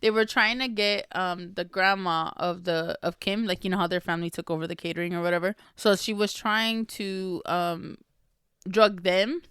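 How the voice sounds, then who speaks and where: A woman's voice: on the low side, fairly even intonation, moderate pace, a bit bright, clean tone, dry recording, clean studio sound. A woman hosting a podcast, chatting casually and laughing often as she recaps a book. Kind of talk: casual chat.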